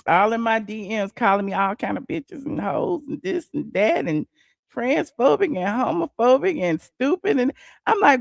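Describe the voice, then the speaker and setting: A woman's voice: fairly high pitch, gravelly, dry recording. A woman hosting a casual live stream, chatting to her viewers and calling them child and honey. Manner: chatty, talks to the chat, calls listeners child and honey. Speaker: livestream host. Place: small room at home. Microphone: computer mic at a desk.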